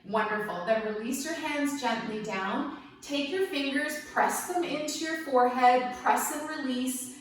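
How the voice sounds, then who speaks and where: Playful yoga teacher in an echoey room. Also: female voice, high voice, measured pace, slight background noise. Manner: gentle, playful, encouraging with light jokes. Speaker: yoga instructor. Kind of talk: guided yoga class. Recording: very echoey room, mic at a distance.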